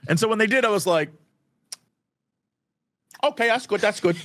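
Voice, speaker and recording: A man with a high speaking voice talks as a podcast guest, animated and excitable, often breaking into laughter. His voice is recorded dry and close, with almost no room sound. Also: moderate pace, dry recording. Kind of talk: casual podcast chat.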